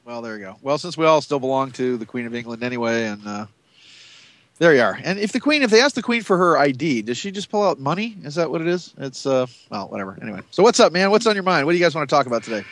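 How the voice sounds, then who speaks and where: A man speaking as a radio guest, halting and restarting often with lots of fillers. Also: medium pitch, very animated, fairly bright tone, no room sound. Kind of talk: casual radio interview.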